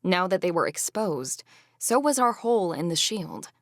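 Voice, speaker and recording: A woman narrating a fantasy audiobook in the first person, expressive and indignant. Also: on the low side, moderate pace, no echo, studio quality.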